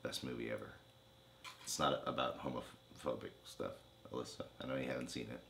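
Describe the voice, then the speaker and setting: A man's voice: very deep voice, fairly even intonation, a little fast, vocal fry, fairly bright tone, slight background noise. A young man co-hosting a trailer reaction video, trading crude, teasing jokes in casual chat. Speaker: co-host of a trailer reaction channel.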